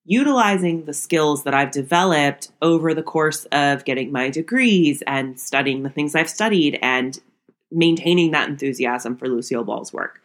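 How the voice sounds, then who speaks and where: A woman's voice: deep voice, normal speed. A young woman hosting a podcast, recapping an old sitcom episode in a chatty way, laughing often. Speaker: podcast host.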